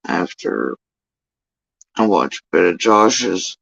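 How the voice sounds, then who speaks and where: A man's voice: sits low, sing-song, slow, creaky, fairly bright tone, no echo, lo-fi sound. A man in a casual livestream monologue, telling a story in a heated, profane, emphatic way. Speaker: livestream host.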